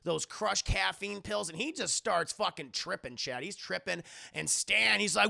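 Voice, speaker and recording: Young guy doing a swear-heavy movie recap for his chat, high gravelly voice, bright edge, keeps slipping into character voices. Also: lively intonation. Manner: rambling, profane, acts out characters in quick voices. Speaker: streamer reviewing a movie.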